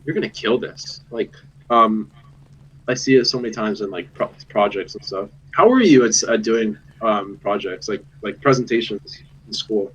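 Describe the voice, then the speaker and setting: A man's voice: fairly low pitch, normal speed, a bit bright, breathy edge, low-quality recording. A young man co-hosting a podcast, talking in a laid-back, rambling, slangy way. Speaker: podcast co-host. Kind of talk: casual chat.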